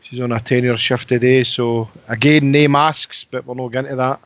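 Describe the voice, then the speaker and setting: Friendly caller on a dry line. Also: male voice, mid-range voice, steady tone, moderate pace, dry recording. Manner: friendly, chatty, says wee and pal. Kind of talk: casual radio phone-in chat. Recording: dry lo-fi phone-in audio.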